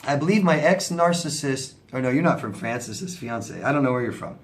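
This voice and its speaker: A man's voice: mid-range voice, animated, fairly quick. A man answering viewer questions as a relationship coach, in a conversational, sympathetic way, often asking "right?". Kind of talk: casual advice talk.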